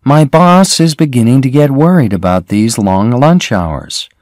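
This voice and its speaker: A man's voice: expressive, measured pace, darkish tone, no room sound, studio quality, lightly acted. A man voicing a worried young woman, raising his voice to plead with her lover. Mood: frustrated. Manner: raised pitch, earnest and emotional.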